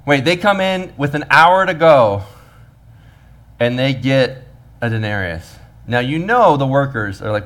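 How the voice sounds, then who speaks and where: Male pastor, mid-pitched, preaching with energy and playful asides. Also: measured pace. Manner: animated, acts out the workers' voices with humor. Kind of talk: sermon.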